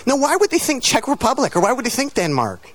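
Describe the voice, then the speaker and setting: A man's voice: extremely high pitch, huge pitch swings, fast, fairly bright tone, slight background noise. Male interviewer, swooping up-and-down voice, teasing, mock-serious. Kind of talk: playful interview questions.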